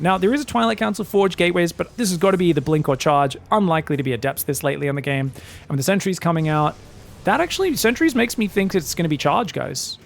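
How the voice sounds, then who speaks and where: An Australian man with a slightly higher voice and a gravelly edge, chatting and joking through live esports commentary. He rambles casually between the game calls. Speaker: esports caster.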